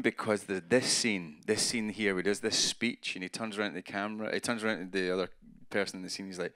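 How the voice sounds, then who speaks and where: Male actor guest, low and smooth, rambling anecdotal storyteller, dry close sound. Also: steady tone, fast talker, few pauses, sharp tone, dry recording. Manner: rambling, self-deprecating storyteller with many fillers. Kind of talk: casual anecdotal interview chat. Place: live event after a film screening.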